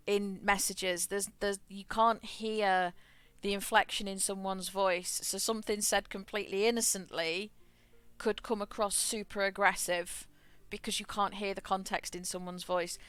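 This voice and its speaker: A woman's voice: medium pitch, steady tone, measured pace, a bit bright, smooth, dry recording. A woman streaming a game, chatting frankly, swearing freely and laughing often. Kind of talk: casual chat while gaming.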